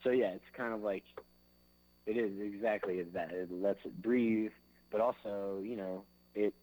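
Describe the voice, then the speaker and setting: A man's voice: fairly low pitch, fairly even intonation, unhurried, warm tone, poor audio. Rambling man sounding out drum grooves. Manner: loose and rambling, fills with "like" and "you know"; sings drum beats with his mouth. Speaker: drummer and interview guest. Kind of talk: casual interview chat.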